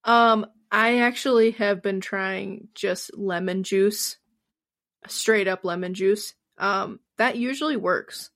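A woman's voice: mid-range voice, slow pace, a bit bright, dry recording. Young woman podcast co-host, mid voice, dry close recording, laughs and swears casually in chat. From Wisconsin.

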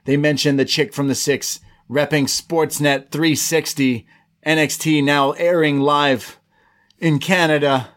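A man's voice: on the high side, unhurried. Man recapping a show in casual chat. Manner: retells scenes acting out quotes, relaxed. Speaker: podcast co-host.

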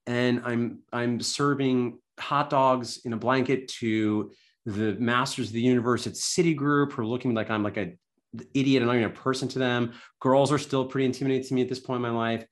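A man telling his story as a podcast guest, animated and enthusiastic, self-deprecating, full of "like" and "right?". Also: medium pitch, brisk. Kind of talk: casual storytelling interview.

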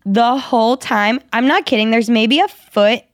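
A young woman co-hosting a podcast, telling a story in lively casual chat and acting out quotes with squeals. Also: fairly high pitch, unhurried, no room sound, clean studio sound. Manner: animated, acts out quotes in a squealing voice. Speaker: podcast co-host.

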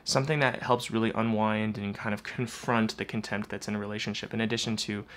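A man's voice: lowish voice, flat delivery, a little fast, a bit bright. A man giving casual relationship advice, acting out both partners in imagined arguments, with earnest fillers and restarts. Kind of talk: casual advice monologue with acted examples.

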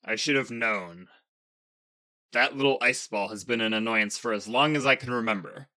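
A man's voice: mid-range voice, moderate pace, sharp tone, close to an everyday voice. Storybook villain: a snarling, menacing male planet ruler, put on by a man narrator. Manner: growling, snarling, domineering. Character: huge arrogant male planet king, menacing.

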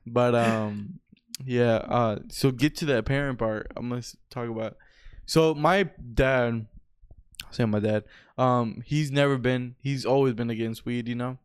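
A young man with a smooth, resonant voice tells stories in a loose, casual way. He swears a lot and keeps saying bro. He sounds laid-back and unhurried. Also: mid-range voice. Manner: laid-back, profane, says bro often. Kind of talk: casual storytelling chat.

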